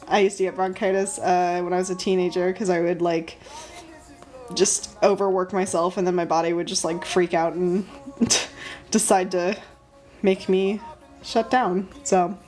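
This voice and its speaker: A woman's voice: medium pitch, moderate pace, a little mellow, soft background music. A young woman casually chatting on a livestream while she draws, thinking aloud and greeting viewers by name. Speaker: livestream host drawing stickers.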